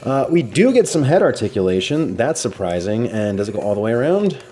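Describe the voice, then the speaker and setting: A man's voice: mid-range voice, big pitch swings, fairly quick, warm tone, faint music behind. A man casually reviewing a collectible action figure, enthusiastic and chatty, with fillers and restarts. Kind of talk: casual unboxing talk.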